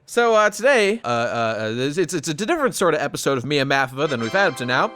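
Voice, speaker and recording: A man hosting a casual podcast chat, quick and jokey with a mock-snobbish edge. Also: medium pitch, sing-song, pushed and bright, faint music behind. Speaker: host.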